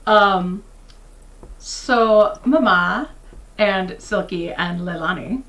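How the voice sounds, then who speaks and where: A woman narrating as game master of a tabletop game, with slow, drawn-out delivery. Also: mid-range voice, a bit bright.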